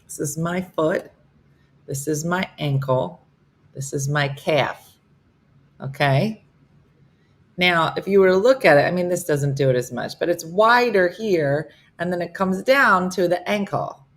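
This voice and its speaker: Speaking a little slowly in a lowish voice, a woman in her fifties hosts a live morning show. She keeps the live-stream chat casual, cracking jokes and reading out viewers' names as she answers their comments.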